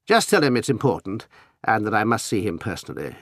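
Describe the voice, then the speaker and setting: A man's voice: lowish voice, sing-song, a little fast, fairly bright tone, no room sound, studio quality. A man reading an audiobook, voicing a confident, cool-headed English adventurer with an assured delivery. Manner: cool, assured, sometimes soothing.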